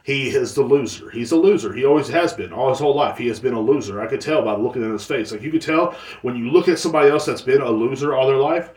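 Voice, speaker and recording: This podcast host talks fast in a medium-pitched, darkish voice, barely pausing. His casual monologue is rambling, boastful and crude, full of fillers and restarts, picked up by a distant mic in a roomy space.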